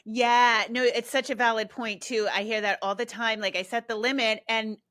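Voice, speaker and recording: A woman's voice: on the high side, moderate pace. Blunt, laughing woman podcast host. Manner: animated, blunt, laughs often, mild swearing. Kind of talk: casual podcast conversation.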